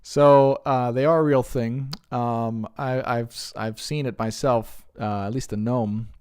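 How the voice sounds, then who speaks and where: A young man on a live stream answering viewers' questions as a spiritual reader, earnest and rambling, getting animated when he retells stories. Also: mid-range voice, unhurried, clear, resonant tone. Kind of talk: casual live stream chat.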